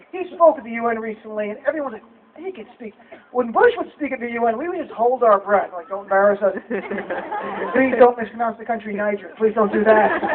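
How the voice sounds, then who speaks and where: An American man doing live stand-up comedy, chatting with the audience between jokes. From United States. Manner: conversational, chatting with the crowd. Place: live comedy show venue. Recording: tinny low-fi live recording, crowd noise. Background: audience laughter and murmur.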